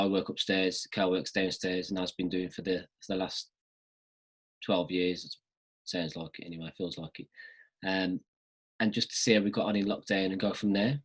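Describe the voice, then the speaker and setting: A man's voice: lowish voice, rough recording. Jokey self-mocking male podcast host. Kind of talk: casual chat. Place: home room, upstairs. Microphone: video call.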